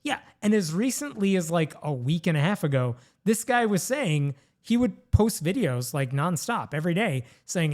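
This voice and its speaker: A man's voice: sits high, big pitch swings, normal speed, few pauses, a little mellow. A man hosting a podcast, telling a news story in casual, conversational chat. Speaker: podcast host.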